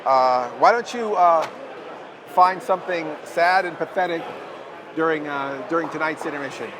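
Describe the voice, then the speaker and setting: A man hosting a horror movie show, rambling through comedy banter in a halting, jokey way. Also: fairly high pitch, noisy background. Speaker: horror host.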